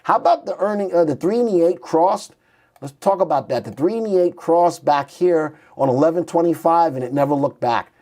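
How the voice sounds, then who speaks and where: Man, market show host, slightly high voice, chatty, live commentary, thinking out loud. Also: expressive, a little fast. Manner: chatty, thinks aloud while typing tickers.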